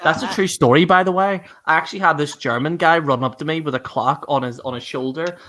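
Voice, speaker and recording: A man's voice: on the high side, fairly quick, bright, forceful tone. A man chatting casually, rambling and stammering through jokey stories. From Ireland. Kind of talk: casual group chat.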